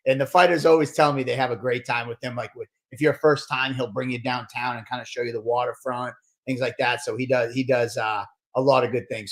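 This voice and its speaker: Man, fight promoter, earnest, mid-pitched, repeats himself. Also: a bit bright. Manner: earnest, repetitive, restarting sentences. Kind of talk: casual podcast chat.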